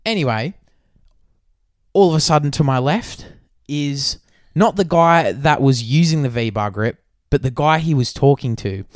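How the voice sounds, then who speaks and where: A man's voice: medium pitch, expressive, measured pace, dry recording, clean studio sound. A young Australian man hosting a podcast, telling a story in casual chat with lots of swearing and fillers. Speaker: podcast co-host.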